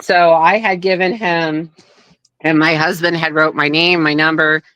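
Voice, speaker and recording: Bright, smooth-voiced woman telling a story. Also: low voice, measured pace, dry recording, low-quality recording. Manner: animated, acts out quoted voices. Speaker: guest, wrestler's daughter. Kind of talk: casual storytelling.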